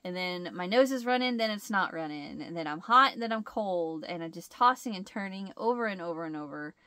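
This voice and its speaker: A woman's voice: on the low side, lively intonation, fairly quick, sharp tone, no room sound. A woman hosting a casual chat, rambling and laughing often, with a stuffed-up nasal sound. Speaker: host.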